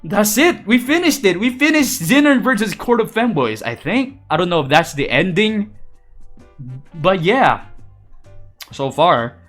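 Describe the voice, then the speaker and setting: A man's voice: high voice, very animated, unhurried, fairly bright tone, faint music behind. A man, a voice actor, casually reading a fan story aloud, playful and reacting as he goes. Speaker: voice actor and VTuber.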